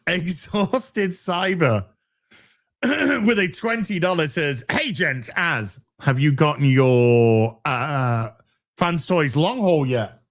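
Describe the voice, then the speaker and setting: A man's voice: fairly high pitch, slow. A man co-hosting a casual online talk show, reading viewer donations aloud with lots of laughs and swearing. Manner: animated, swearing, laughing often. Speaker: podcast co-host reading superchats. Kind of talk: casual chat.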